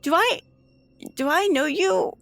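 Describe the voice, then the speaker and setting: A woman's voice: very high-pitched, creaky, a bit bright, dry recording, voice pushed up, full character voice. A woman voicing a confused, frightened young female patient who stammers. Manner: halting, stammering.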